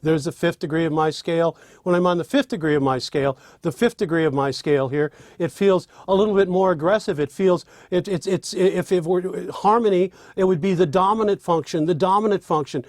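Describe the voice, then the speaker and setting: A man teaching songwriting in a spoken lesson, demonstrating by speaking and singing lines in an animated way. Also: high voice, a little fast, few pauses, no echo, studio quality. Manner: animated, with restarts. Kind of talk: spoken lesson with sung examples.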